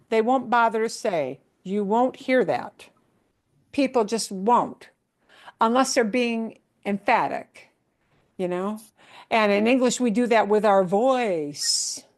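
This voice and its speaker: A woman's voice: medium pitch, lively intonation. A woman teaching a Spanish lesson, explaining patiently and often checking in with her students, mixing English with Spanish examples. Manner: slow, patient explaining with many checks like "right?". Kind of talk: live language lesson.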